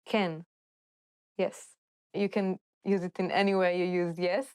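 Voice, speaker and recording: Woman, Hebrew teacher, upbeat, encouraging, smooth clear voice, dry sound. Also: lowish voice, level tone, unhurried, a little mellow, no echo. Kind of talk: casual language lesson.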